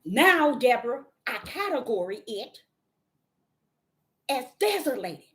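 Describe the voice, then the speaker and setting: Fiery high-voiced woman preaching, scolding. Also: big pitch swings, slow. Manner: scolding, swings from low mutters to shouted outbursts. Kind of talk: fiery street sermon.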